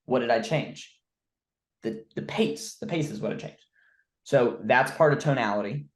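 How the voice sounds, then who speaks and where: A man leading a sales training session, quizzing his trainee and demonstrating changes of pace and loudness as he teaches. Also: mid-range voice, expressive, normal speed, echoey room, low-quality recording. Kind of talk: coaching session on voice tonality.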